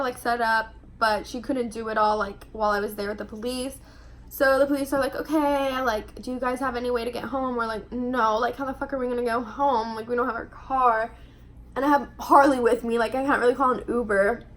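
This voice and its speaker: Young woman vlogger, high voice, chatty storytime delivery, heavy on "like". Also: fairly bright tone. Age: young adult. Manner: chatty, fills every phrase with "like". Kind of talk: casual storytime monologue.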